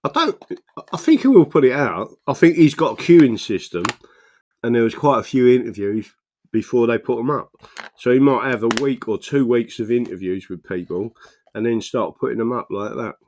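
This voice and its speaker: A middle-aged man hosting a casual political livestream, rambling between animated bursts and muttering while he works his screen and reads viewer comments. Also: medium pitch, normal speed, slight background noise.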